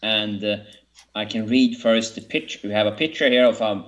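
A man co-hosting a Bible study discussion, speaking haltingly and restarting words as he searches for phrasing. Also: lowish voice, steady tone. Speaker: co-host of a Bible study show. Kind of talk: casual discussion.

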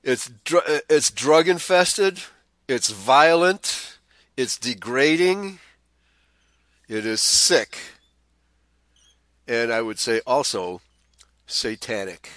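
A man's voice: mid-range voice, expressive, extremely slow, pauses often, fairly bright tone, dry recording. A man hosting a commentary show, reading news items aloud and adding sarcastic, scornful asides, often chuckling and stumbling over repeated words.

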